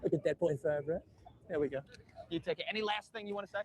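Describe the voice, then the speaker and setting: A man's voice: a little high, fast, a little mellow. A man livestreaming on a city street, chatting with passersby and his viewers. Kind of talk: casual street livestream chat.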